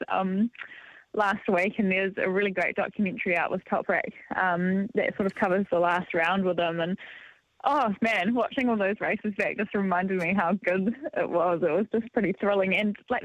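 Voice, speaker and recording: A woman's voice: mid-range voice, dry recording. Woman radio pundit, keen and chatty, lots of ums, muffled dry line. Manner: enthusiastic, lots of ums and yeahs. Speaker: motorcycle racing pundit. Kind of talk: casual radio sports chat.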